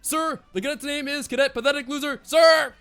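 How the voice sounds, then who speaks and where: A man's voice: very high voice, fairly even intonation, a little fast, fairly bright tone, soft background music, voice pushed up. A man putting on a bellowing drill sergeant major. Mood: barking. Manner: barking commands, sneering insults. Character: gruff male drill sergeant major, bullying and pompous. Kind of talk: visual novel voice acting on a live stream.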